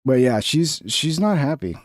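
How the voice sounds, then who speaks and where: A man's voice: fairly high pitch, lively intonation, moderate pace, no room sound, studio quality. A man hosting a casual reaction stream, talking in a crude, rambling, profane way.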